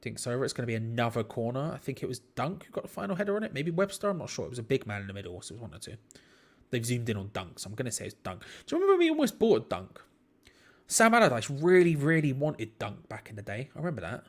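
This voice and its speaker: A man's voice: mid-range voice, expressive, quick pace. Young guy doing a casual watch-along, rambling and self-deprecating. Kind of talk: casual live match commentary.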